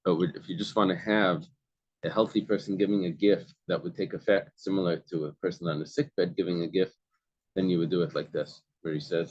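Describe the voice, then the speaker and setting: A man's voice: low-pitched, steady tone, a little fast, darkish tone, slightly rough, no echo, dull audio. A man leading a Talmud study session, reading passages and then explaining them plainly with many restarts. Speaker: Talmud class leader. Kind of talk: explaining a text to a study group.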